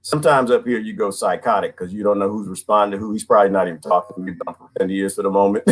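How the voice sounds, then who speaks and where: A man's voice: on the low side, rapid-fire. A middle-aged man hosting a casual livestream, reading comments aloud and talking straight to his viewers. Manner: animated, talks to viewers and reads comments aloud. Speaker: livestream host.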